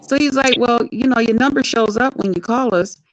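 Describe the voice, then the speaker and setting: A woman guest in a casual chat, telling a story in an animated, expressive way. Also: a little high, a little fast, dry recording. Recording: dull lo-fi sound.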